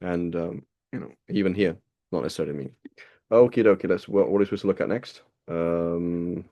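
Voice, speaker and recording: A man's voice: low-pitched, brisk, mellow. A man teaching a small class, reading and explaining texts in a casual, rambling way and asking his students rhetorical questions.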